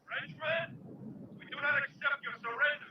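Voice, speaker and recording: An actor playing a defiant American soldier who firmly yells back that he refuses a surrender, in a 1980s war film. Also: very high voice, moderate pace. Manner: yelling back, firm. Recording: dull lo-fi old film audio.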